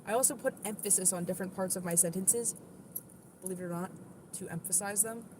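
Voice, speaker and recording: A woman's voice: mid-range voice, a little fast, background noise. A young woman from the southern United States, chatting casually on a live stream in a blunt, defensive way and saying "like" often. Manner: blunt, defensive, says "like" a lot. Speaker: livestreamer.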